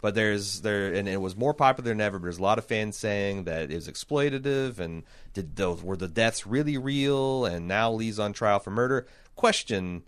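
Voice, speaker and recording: Rambling man chatting casually. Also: lowish voice. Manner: rambling, lots of fillers and restarts. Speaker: podcast co-host. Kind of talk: casual chat.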